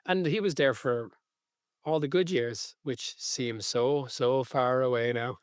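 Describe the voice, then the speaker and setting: A man's voice: mid-range voice, takes it slowly, clean tone, no room sound. Irish guy chatting on a podcast, rambly storyteller, dry close sound. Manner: rambling storyteller, laughs mid-sentence. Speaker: podcast co-host. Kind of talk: casual chat.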